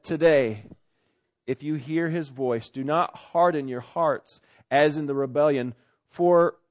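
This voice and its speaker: A pastor delivers a sermon in an easy, chatty way. His voice sits a little high for a man. He pushes to loud, urgent peaks, then falls back to soft, low asides. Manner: conversational preaching with sudden loud swells and quiet drops.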